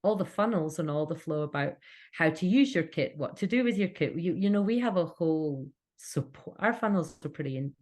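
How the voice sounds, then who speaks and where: A woman's voice: low voice, animated, brisk, darkish tone. A Scottish woman talking earnestly as a podcast guest about running her business, with frequent restarts. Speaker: cake kit business owner, podcast guest. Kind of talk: casual interview chat.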